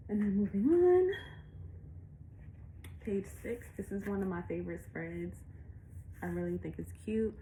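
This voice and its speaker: A woman's voice: medium pitch, vocal fry, a little mellow, a little hiss or hum, poor audio. A woman illustrator walking through her picture book in a casual, chatty way, out of breath and laughing often.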